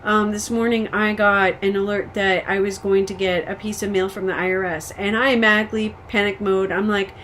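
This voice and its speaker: A woman's voice: medium pitch, flat delivery, brisk, few pauses, a bit bright, slight background noise. Frustrated woman vlogger venting candidly. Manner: rambling and venting, frequent ums and restarts. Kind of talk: casual personal update.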